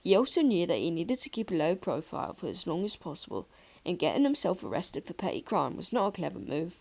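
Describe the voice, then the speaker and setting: A woman narrating a fan-fiction audiobook in a calm, steady storytelling voice. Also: lowish voice, creaky.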